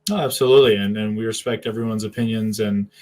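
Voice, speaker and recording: A man's voice: fairly low pitch, steady tone, fast, a little mellow. A man from southern New Hampshire hosting a casual live stream, affable and agreeable, reading viewer comments aloud.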